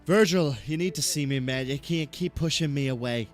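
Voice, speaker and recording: A man's voice: a little high, moderate pace, soft background music, lightly acted. A man voicing a scrawny male tinkerer who is out of breath and demands to be heard, set in a fantasy game. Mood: insistent. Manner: out of breath, pleading.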